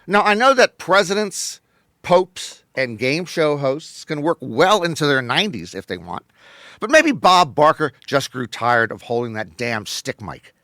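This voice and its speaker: A man's voice: medium pitch, measured pace, dry recording, clean studio sound. Sardonic male host, wry and emphatic. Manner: wry, deadpan sarcasm with sudden emphatic bursts. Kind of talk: scripted comedic monologue.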